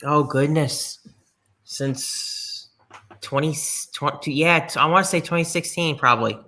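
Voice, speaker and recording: A man on a video call panel casually walking through his editing software, relaxed and hesitant. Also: a little high, a little slow. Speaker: panel guest. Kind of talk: casual tech demo chat.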